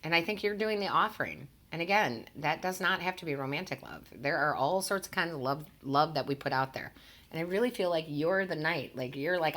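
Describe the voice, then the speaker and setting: A woman's voice: low voice, moderate pace, fairly bright tone. A woman tarot reader talking casually to her viewers, earnest and gushing, often stumbling over her words.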